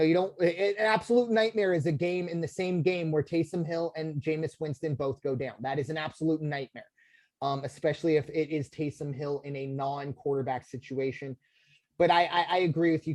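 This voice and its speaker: A man's voice: a little high, fairly even intonation, fairly quick, darkish tone, no room sound. Casting: American male podcast co-host, loose rambly sports talk, lots of "um" and restarts, dry close mic. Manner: rambling, filler-heavy, many restarts.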